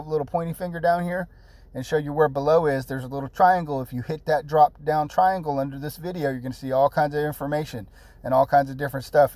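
A man's voice: fairly high pitch, darkish tone, no room sound. A man in his thirties hosting a casual app tutorial, rambling and chatty with fillers and repeated words, blunt and jokey with mild swearing. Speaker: channel host.

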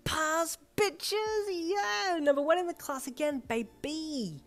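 A woman voicing a brash, playful teenage schoolgirl who talks loudly and cheekily. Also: fairly high pitch, fairly quick, voice pushed up, close to an everyday voice. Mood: triumphant. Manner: loud, cheeky, excitable. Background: soft backing music.

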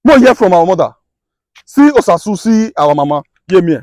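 A man's voice: high-pitched, sing-song, normal speed, a little mellow, no room sound. A man with a Nigerian accent, a vlogger urgently pleading with viewers to share his appeal for help. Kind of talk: impassioned appeal to camera.

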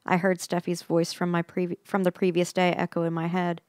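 A woman with a lowish voice reads a spooky first-person tale into a close mic, building suspense and sinking into hushed whispers at the tense moments. The recording is dry and intimate. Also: monotone, fairly quick, few pauses, no room sound. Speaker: podcast host reading a story. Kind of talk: dramatic first-person story reading.

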